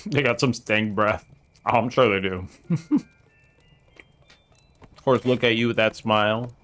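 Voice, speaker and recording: A man's voice: fairly low pitch, slow, a bit bright, soft background music. A man streaming a game, joking and laughing often as he talks to chat and scolds his game characters. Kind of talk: casual gameplay commentary.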